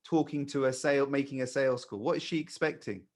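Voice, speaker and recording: A man coaching new hires on sales calls, calm and blunt, swearing casually. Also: medium pitch, fast talker. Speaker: sales trainer.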